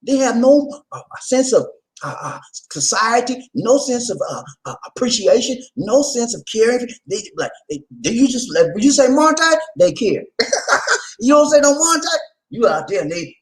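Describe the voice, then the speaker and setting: Animated man, lively swooping pitch. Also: normal speed, poor audio. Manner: animated, laughing, repetitive and rhetorical. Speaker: vlog host. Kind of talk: casual monologue to viewers.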